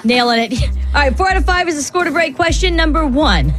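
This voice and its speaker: A woman hosting a morning radio quiz show, brisk and playful, quick to laugh. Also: high voice, lively intonation, a bit bright.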